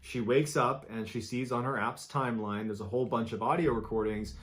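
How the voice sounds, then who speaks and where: A man's voice: medium pitch, steady tone, a little fast, fairly bright tone. Man narrating a true scary story. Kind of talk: scripted horror narration.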